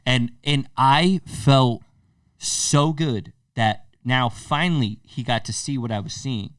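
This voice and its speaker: A young man co-hosting a podcast, telling a story in casual chat, animated, swearing freely and acting out quotes. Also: mid-range voice, slow pace, clean tone, no room sound, clean studio sound, far from the mic. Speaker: podcast co-host.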